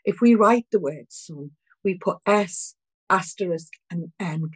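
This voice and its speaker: An older woman from Liverpool with a Scouse accent, an activist answering an interview in a heartfelt, halting way and fighting back tears. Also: fairly low pitch, slightly rough, no echo, low-quality recording. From Liverpool, England. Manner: heartfelt, halting, many restarts. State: near tears. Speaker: activist guest.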